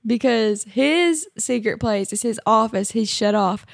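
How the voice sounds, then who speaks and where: A woman's voice: fairly high pitch, expressive, measured pace, vocal fry, dry recording, studio quality. A woman co-hosting a casual devotional podcast at home, chatty and playful, her voice congested from allergies. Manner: playful, chatty, Southern-tinged banter. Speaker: podcast co-host.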